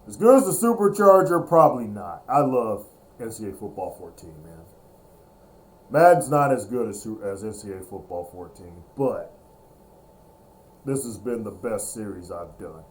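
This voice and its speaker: A man's voice: lowish voice, lively intonation. A young man hosting a sports video game channel, talking emotionally after his team wins, repeating himself and cheering. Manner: emotional, repetitive, breaks into drawn-out cheers. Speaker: gaming channel host. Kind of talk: excited gameplay commentary.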